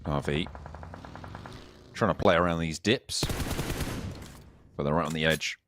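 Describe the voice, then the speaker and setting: A man casting an esports match, calling the action in quick, bantering play-by-play. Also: very deep voice, fairly bright tone. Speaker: esports caster. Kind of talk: play-by-play commentary. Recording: faint game noise behind.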